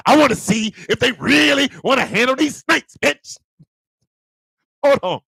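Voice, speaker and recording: High, lively man ranting comically. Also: unhurried, gravelly, breathy edge, no echo. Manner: animated, profane, loud, laughing often. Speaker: host. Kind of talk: comedic live-stream rant.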